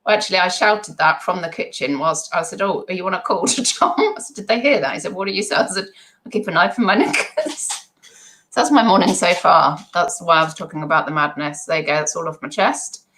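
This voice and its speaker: A middle-aged woman rambles through a live stream, in a stream-of-consciousness way. Her voice sits a little low for a woman. She is self-deprecating and chatty. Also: animated, a little fast, a bit bright, poor audio. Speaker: eBay seller livestreaming.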